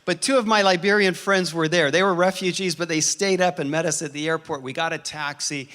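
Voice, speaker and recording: A man preaching a sermon and telling a personal story with animated shifts in pace and loudness. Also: fairly high pitch, a little fast. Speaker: pastor.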